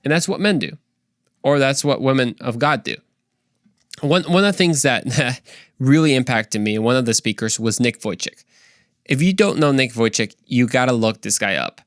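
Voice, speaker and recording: Young man, podcast host, faith talk, energetic, preachy, joking, mid pitch, dry close sound. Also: moderate pace, dry recording.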